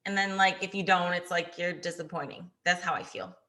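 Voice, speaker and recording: A young woman in casual podcast chat about competing, chatty and animated, acting out what other people say. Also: on the low side, a little fast. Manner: chatty, animated, acts out quoted voices. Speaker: podcast guest, bikini competitor.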